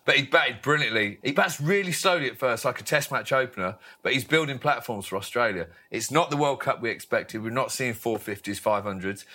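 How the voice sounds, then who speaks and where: A man, a former cricketer, co-hosting a sports podcast. He talks with bright energy and gives blunt, jokey opinions. His pitch sits in the middle range. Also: lively intonation, brisk, hardly any pauses. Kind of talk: casual sports chat.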